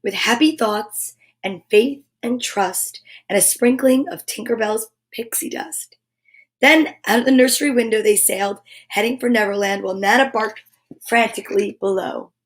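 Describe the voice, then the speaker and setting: A fairly high-pitched woman reads a children's picture book aloud as host of a kids' story time. She breaks off often for cheerful, chatty asides to her young listeners, then goes back to the page. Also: moderate pace. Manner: enthusiastic, chatty asides between read passages.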